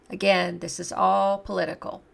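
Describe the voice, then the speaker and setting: A woman's voice: fairly low pitch, gravelly. A woman reading from a document and commenting on it, with scornful, indignant asides between the quotes.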